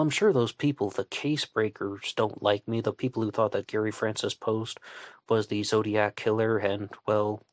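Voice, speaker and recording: A man with a fairly low voice hosts his show in a relaxed monologue. He meets critics with dry sarcasm. The sound is close and dead, with no room in it. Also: no echo. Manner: conversational, with sarcastic asides. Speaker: online radio show host. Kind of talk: casual monologue.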